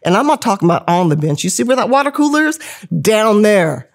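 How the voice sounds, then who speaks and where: A woman in her fifties telling a story as a podcast guest, lively, laughing often and acting out the people she quotes. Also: mid-range voice, a little fast. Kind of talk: animated storytelling.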